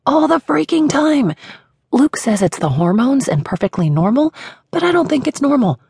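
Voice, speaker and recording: A woman's voice: high-pitched, big pitch swings, moderate pace, gravelly, darkish tone, breathy edge, no echo, studio quality, pitched above the performer's own voice, full character voice. A woman narrator voicing an exasperated, heavily pregnant young woman who rants in an audiobook. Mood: ranting. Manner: ranting, exasperated. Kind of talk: audiobook character voice.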